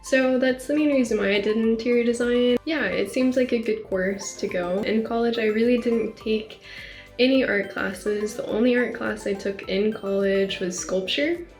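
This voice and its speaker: A woman's voice: on the high side, normal speed, a little mellow, reverberant, soft background music. A woman in her twenties from Northwest Arkansas, chatting casually to camera about herself as an artist, with plenty of "like" fillers. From Northwest Arkansas, USA. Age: 20s. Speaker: artist vlogger.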